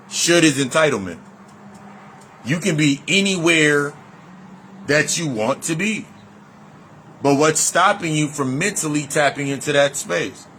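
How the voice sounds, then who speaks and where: A man's voice: a little high, sharp tone, slight background noise. A man talking as a life coach in a motivational monologue, blunt and preachy, repeating his points and swearing freely. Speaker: life coach and shadow-work healer.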